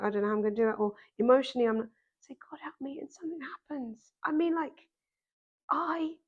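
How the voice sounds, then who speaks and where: A woman, a podcast guest telling a personal story in an animated, emphatic way. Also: high-pitched, highs cut off. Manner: animated, emphatic, acts out quoted voices. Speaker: podcast guest, dancer and author.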